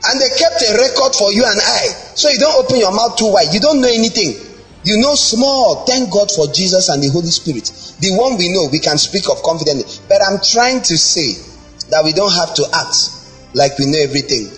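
Animated high-voiced preacher. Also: male voice, brisk, soft background music, low-quality recording. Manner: animated and playful, mimicking voices and laughing. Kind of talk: lively sermon.

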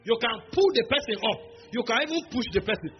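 A man preaching a sermon, emphatic, slowing down to stress key phrases and dropping humorous asides. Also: very high-pitched, animated. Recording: dull lo-fi recording with faint music behind.

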